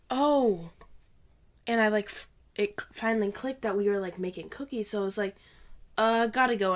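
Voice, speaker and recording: A young woman co-hosting a podcast, retelling a strange phone call in a giggly, casual way and acting out the quotes. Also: mid-range voice. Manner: giggly, quick, acts out quoted lines. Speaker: podcast co-host. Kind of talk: casual storytelling chat.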